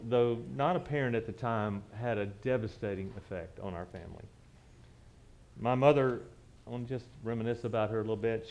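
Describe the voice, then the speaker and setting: A man's voice: lowish voice, a little mellow. A man, telling a personal story from the pulpit in a conversational, reminiscing way with frequent restarts. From southern United States. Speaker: church speaker.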